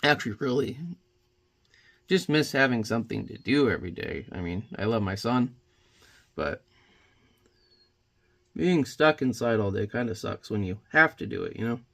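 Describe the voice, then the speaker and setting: A man chatting casually while he paints, rambling between jokes and quiet reflection. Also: medium pitch, expressive, moderate pace, vocal fry, pauses often. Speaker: painting vlogger.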